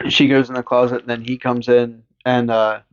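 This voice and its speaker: A man co-hosting a podcast, recapping a horror movie in casual, rambling chat full of swearing, now and then slipping into quick voices for the characters. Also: medium pitch, level tone, smooth. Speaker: podcast co-host. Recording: dull lo-fi podcast audio.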